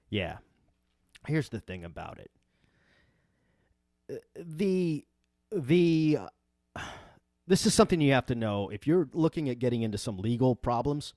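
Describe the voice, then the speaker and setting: A man hosting a livestream podcast, ranting in a heated, profane way that sounds like yelling. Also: mid-range voice, dry recording, clean studio sound. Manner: profane, emphatic. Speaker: podcast host. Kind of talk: livestream rant.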